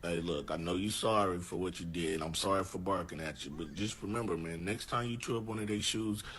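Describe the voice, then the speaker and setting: A man voicing a goofy young male dog in a comic pet video, with a swooping, animated delivery. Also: sits low, a little fast. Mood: low earnest. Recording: noisy clip played on air.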